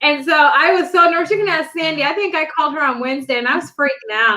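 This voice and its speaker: A woman in casual chat, excitable and quick to laugh, talking about her first book launch with friends. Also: high voice. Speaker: co-host.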